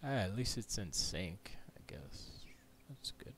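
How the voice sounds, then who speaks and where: A man's voice: fairly low pitch, big pitch swings, slow pace, fairly bright tone. A man chatting casually on a live stream from his music studio, rambling and slipping into mumbled near-whispers and nonsense rhymes.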